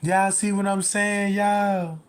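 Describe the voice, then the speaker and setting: A man hosting a livestream rambles through loose, profane stories, laughing often and tossing in constant asides. His voice sits high, with a flat delivery and slow pace.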